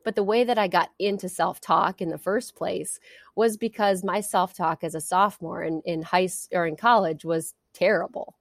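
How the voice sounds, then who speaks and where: A woman's voice: lowish voice, fairly even intonation, moderate pace, no room sound, clean studio sound. A middle-aged woman guest in an interview, telling an earnest story with many fillers and restarts. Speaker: interview guest, sport psychology coach.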